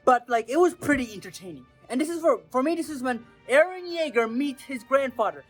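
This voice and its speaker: A woman talking casually and excitably in a commentary vlog, with slang and swearing, acting out quotes. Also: high-pitched, brisk, soft background music. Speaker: anime video creator.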